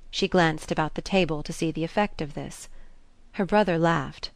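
A woman narrating a classic novel, her voice low and steady. The reading is measured and even, recorded dry and close with no room around it. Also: creaky, dry recording. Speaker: audiobook narrator.

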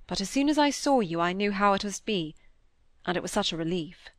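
A woman reading the part of an earnest young Victorian gentleman in an audiobook, measured and sincere. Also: mid-range voice, animated, no echo, studio quality, natural voice.

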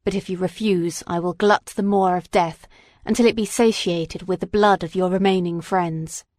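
A woman reading aloud and voicing a huge, wretched male creature who speaks in a slow, grave, aggrieved way. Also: on the low side, fairly even intonation, a little mellow, no room sound, close to an everyday voice. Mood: bitter.

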